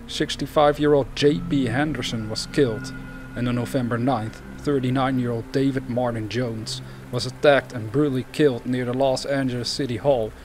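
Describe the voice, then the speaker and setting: A man's voice: medium pitch, a little mellow. A man hosting a true crime channel, reading cases aloud and breaking off into rambling, chatty asides.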